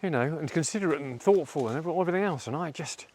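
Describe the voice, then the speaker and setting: Candid, halting middle-aged man. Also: fairly high pitch, lively intonation, a little mellow. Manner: halting, candid and self-reflective. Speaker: vlogger. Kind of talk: personal reflective monologue.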